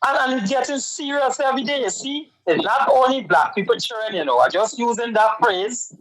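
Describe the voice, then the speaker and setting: An impassioned male co-host. He presses his points again and again in an earnest, fairly high voice, returning to the same phrase over and over. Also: lively intonation, brisk, a bit bright, rough recording. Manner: earnest, keeps repeating "my brother". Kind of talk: impassioned talk-show commentary.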